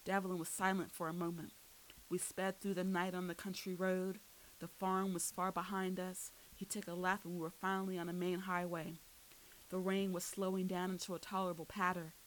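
A woman narrating a first-person story aloud, dramatic and building to loud outbursts at tense moments. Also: fairly low pitch, little pitch movement, moderate pace, poor audio. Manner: dramatic, rises sharply for shouted lines. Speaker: audiobook narrator. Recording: faint hiss.

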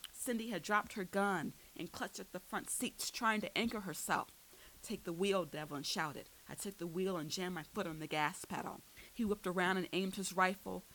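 A woman reads a first-person thriller aloud, her voice sitting low. She leans into the drama and lifts sharply when the action peaks. A faint hiss runs under the recording. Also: low-quality recording. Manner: dramatic, rises sharply for shouted lines. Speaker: audiobook narrator. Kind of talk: first-person story reading.

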